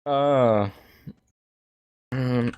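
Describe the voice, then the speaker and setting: A man's voice: mid-range voice, very slow, darkish tone, smooth, no room sound, dull audio. A man co-hosting a casual podcast live stream, talking hesitantly with lots of fillers and restarts. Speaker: podcast co-host.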